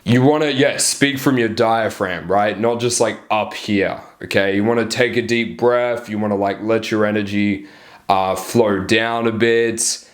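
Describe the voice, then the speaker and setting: A man's voice: fairly low pitch, fairly even intonation, measured pace. A man coaching about dating in a blunt, casual way, swearing often and checking in with "right?". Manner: blunt, profane, peppers lines with "right?". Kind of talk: casual coaching talk to camera.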